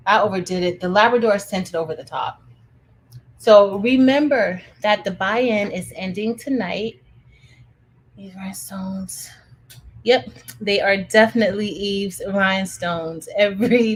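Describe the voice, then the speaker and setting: A woman's voice: medium pitch, poor audio. Chatty woman hosting a craft livestream. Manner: chatty, enthusiastic, many fillers and restarts, addresses viewers as y'all. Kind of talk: casual livestream chat.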